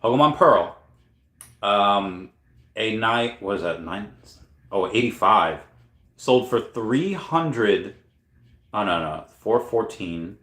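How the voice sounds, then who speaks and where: A man with a lowish voice talks casually on a livestream, drifting between thoughts and stopping to correct himself. The room around him is noticeably echoey. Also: animated, slow, long pauses, a bit bright. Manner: rambling, self-correcting, thinking aloud. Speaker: channel host answering chat questions. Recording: roomy echo.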